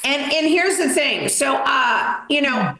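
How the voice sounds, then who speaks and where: A woman's voice: sits high, animated, slow, sharp tone, roomy sound. A woman from Massachusetts with a Boston accent, doing a stand-up comedy set over a video call, self-deprecating and dramatic, with lots of fillers.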